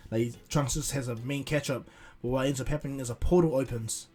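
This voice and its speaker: A man's voice: medium pitch, fairly even intonation, a little fast, warm tone. A man casually retelling a fan-made story, rambling with many restarts.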